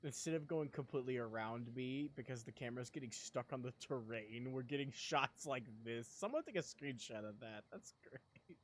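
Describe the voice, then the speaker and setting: A young man chatting casually on a live stream, rambling and excitable, laughing often and sounding sleepy. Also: medium pitch, a little fast, few pauses, slight background noise.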